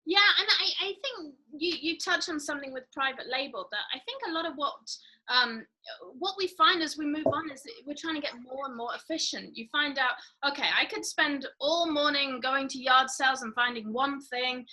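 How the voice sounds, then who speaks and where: Upbeat woman host, high bright voice, chatty live-show patter. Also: moderate pace, poor audio. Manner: chatty, upbeat, many fillers and restarts. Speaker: podcast host. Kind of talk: casual live show chat.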